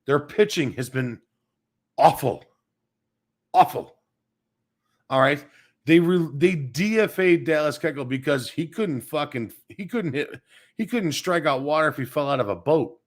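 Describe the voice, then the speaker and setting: A man's voice: a little high, lively intonation, normal speed. A man hosting a sports show, ranting bluntly and crudely with plenty of cursing, smoking as he talks. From Chicago area. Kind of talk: profane sports rant. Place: home studio, smoking while talking.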